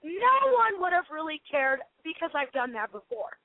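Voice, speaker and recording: A woman's voice: high-pitched, big pitch swings, no room sound. Passionate woman on a tinny phone line. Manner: passionate, emphatic, quick restarts. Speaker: guest, professional boxer. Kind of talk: phone-in radio talk. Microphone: telephone.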